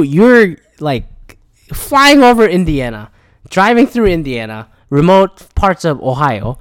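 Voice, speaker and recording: A man's voice: on the high side, smooth, no room sound. A man ranting casually, swearing often and rambling with frequent restarts and repeated words. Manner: profane, frustrated, rambling with restarts. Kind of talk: casual rant.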